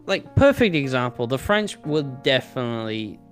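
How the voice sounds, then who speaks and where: A man's voice: mid-range voice, normal speed, faint music behind. A young man with an Australian accent, telling rambling stories in a casual chat with friends. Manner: rambling, animated storyteller, swears casually.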